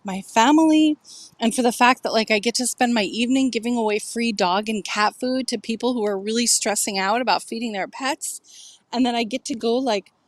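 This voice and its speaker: A woman's voice: on the high side, dry recording. A middle-aged woman telling a personal story to camera, candid and emotional, swearing freely and filling her talk with "like".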